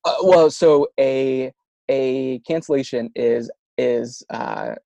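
This man, speaking in an interview, talks through speech therapy techniques conversationally while stuttering, repeating sounds often and restarting. He speaks slowly in a warm, mid-range voice touched with vocal fry, and the recording is dry.

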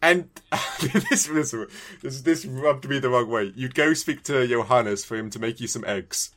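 A British man in casual podcast chat, laughing often and tripping over repeated words. His voice sits at a middle pitch and stays lively in its swings. He talks like a regular co-host. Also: a little slow. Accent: British English. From Britain.

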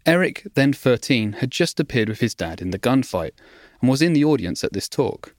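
A man hosting a podcast, reading a scripted narration in a measured way. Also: mid-range voice, very animated, no echo, clean studio sound. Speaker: podcast host.

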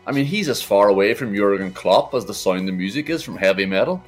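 A man's voice: lowish voice, animated, fairly quick, faint music behind. A man co-hosting a casual football podcast, riffing in a sweary, mocking comic way. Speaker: podcast co-host.

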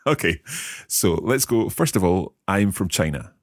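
A man hosting a language lesson podcast, talking through phrases and repeating them slowly and carefully. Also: sits low, expressive, dry recording, studio quality. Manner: slow, careful learner repetitions.

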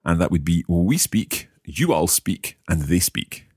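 A man's voice: low-pitched, big pitch swings, a little slow, darkish tone, breathy edge, no echo, studio quality. A British man hosting a podcast language lesson, guiding learners patiently with wry puns. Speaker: language course host.

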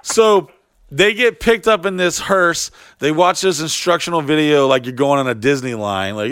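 A man's voice: on the high side, normal speed, a bit bright, smooth, no room sound, clean studio sound. Rambling man telling a party story. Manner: rambling, profane, heavy use of "like". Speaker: podcast guest telling a story. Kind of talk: casual chat.

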